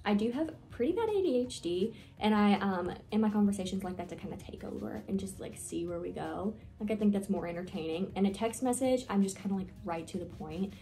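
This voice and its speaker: A woman's voice: mid-range voice, expressive, a little fast, creaky, hardly any pauses, dark tone. A young woman talking casually in a get-to-know-me vlog, rambling with lots of fillers and self-deprecating asides. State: nervous, with hiccups. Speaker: vlogger.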